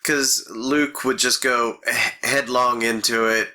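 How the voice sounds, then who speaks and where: A man's voice: medium pitch, level tone, takes it slowly, sharp tone. A man co-hosting a podcast, retelling a story in casual chat and laughing between phrases. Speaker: podcast co-host.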